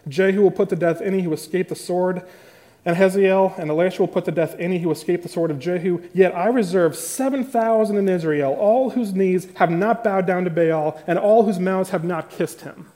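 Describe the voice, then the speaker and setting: A preacher voicing God, calm and commanding. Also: male voice, high-pitched, normal speed, natural voice.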